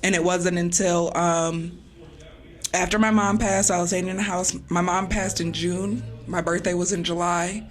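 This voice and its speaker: A woman podcast host talking through grief in a conversation, halting and pausing to hold back tears. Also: on the low side, steady tone, faint music behind.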